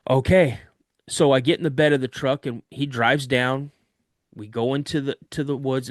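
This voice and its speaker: A man's voice: mid-range voice, dry recording, clean studio sound. A man, a podcast guest, vividly recounting a frightening personal story. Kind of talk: recounting a scary true story.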